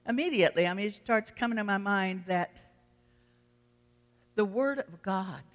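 Bright-voiced woman preaching in a reverberant hall. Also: medium pitch. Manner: emphatic, repeats phrases for force. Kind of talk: sermon.

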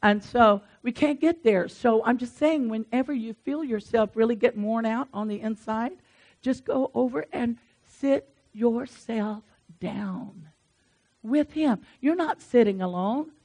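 A woman's voice: a little high, a little slow, a little mellow. A woman preaching a conversational sermon in an earnest, encouraging and folksy way, with asides to her congregation.

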